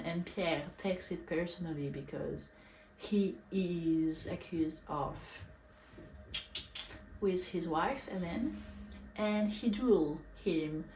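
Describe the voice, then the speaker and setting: Slow, chatty young woman in an echoey room. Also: on the low side, darkish tone. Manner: chatty, acts out quotes, filler "like". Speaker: book reviewer. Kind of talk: casual plot summary. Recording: echoey room, faint hiss.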